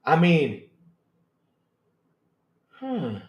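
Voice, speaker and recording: Male gaming streamer, excitable and chatty, slightly higher voice. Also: extremely slow, highs cut off. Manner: excitable, repetitive, laughing. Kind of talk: live stream chat with viewers.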